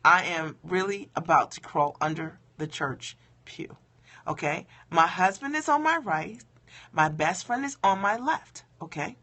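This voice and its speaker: A woman speaker for mothers, telling a humorous personal story in an animated way, often checking in with her listeners and laughing at herself. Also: on the low side. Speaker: motivational speaker for moms.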